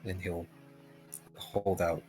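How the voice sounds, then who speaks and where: Man, tabletop player narrating his character; low pitch, very slow, hesitant. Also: level tone, a little mellow, faint music behind.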